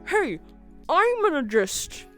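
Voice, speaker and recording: A woman voicing a careless male delivery driver in a mocking, drawn-out way while telling a story. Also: sits high, sing-song, soft background music, pitched above the performer's own voice, heavily acted.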